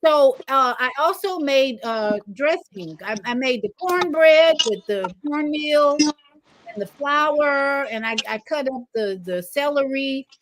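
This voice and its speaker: A woman hosting a casual livestream talk show, animated, acting out greetings she gives strangers. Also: slow pace, a little hiss or hum, poor audio. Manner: animated, acts out greetings in a lively higher voice.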